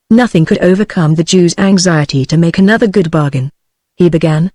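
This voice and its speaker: A text-to-speech woman's voice with a British accent reads a novel aloud in a steady, even way. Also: fairly low pitch, moderate pace, no echo. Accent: British English. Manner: steady, even synthetic read-aloud delivery. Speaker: audiobook narrator. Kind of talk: text-to-speech audiobook reading.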